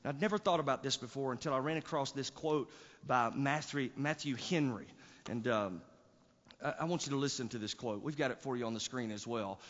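A man's voice: medium pitch, brisk, fairly bright tone. A male pastor preaching a sermon, emphatic, with rising bursts and repeated words. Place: church sanctuary. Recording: church hall reverb, dull lo-fi sound.

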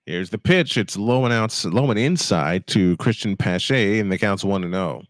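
A man in his fifties doing live fan play-by-play of a baseball game, goofy and chatty between pitches, correcting himself as he goes. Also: animated, moderate pace, dry recording, studio quality. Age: 50s. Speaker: play-by-play announcer.

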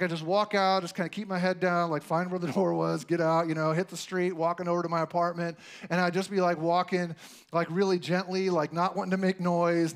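A man preaching in a relaxed, conversational way, his voice sitting noticeably high for a man. He tells stories from his life, peppering them with "like" and "you know" as he goes. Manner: chatty, storytelling, lots of "like" and "you know". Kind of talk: casual sermon with personal stories.

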